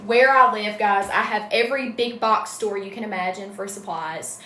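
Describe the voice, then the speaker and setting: A woman's voice: mid-range voice, a little slow, hardly any pauses, pushed and bright, roomy sound, a little hiss or hum. A middle-aged woman from North Carolina with a Southern accent, chatting casually on a livestream and greeting viewers by name. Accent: Southern American. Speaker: wreath-making livestream host.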